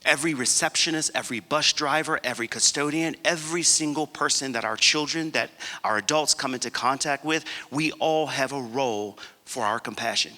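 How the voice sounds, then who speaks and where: A man's voice: medium pitch, brisk, few pauses, bright, forceful tone. A man in his forties giving a personal storytelling keynote speech, earnest and emphatic, acting out the dialogue of his story. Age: 40s. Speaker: keynote speaker. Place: large conference hall. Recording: long reverb of a conference hall.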